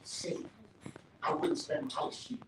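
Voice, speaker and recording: A man in his fifties on a barbershop panel, rambling through family stories with many restarts and laughs. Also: takes it slowly. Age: 50s. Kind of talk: casual panel talk. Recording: echoey room, distant mic, noisy.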